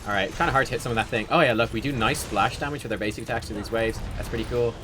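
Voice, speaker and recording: A man streaming a video game, giving casual, rambling commentary with sudden excited outbursts. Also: mid-range voice, racing, background noise. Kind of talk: casual livestream gameplay commentary.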